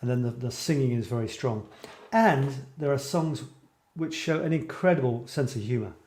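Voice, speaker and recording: A middle-aged man from Scotland hosts a live creative writing show, talking in a loose, rambling way that doubles back on itself as he chats with his viewers. His voice is mellow and of middling pitch. The sound carries a noticeable room echo. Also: normal speed, slight background noise. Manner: rambling, self-interrupting, chatty with viewers. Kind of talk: casual live-stream chat.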